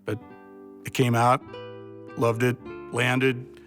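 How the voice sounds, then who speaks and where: A man's voice: mid-range voice, flat delivery, slow pace, fairly bright tone, soft background music. A man recalling a story in a casual, laid-back way for a documentary interview.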